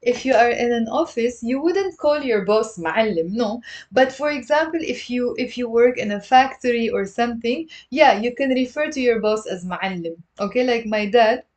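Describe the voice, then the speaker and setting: A woman with a Lebanese accent teaching a live online Arabic lesson, patiently repeating words slowly and greeting viewers by name. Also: a little high, animated, a little mellow, highs cut off. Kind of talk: live-stream language lesson.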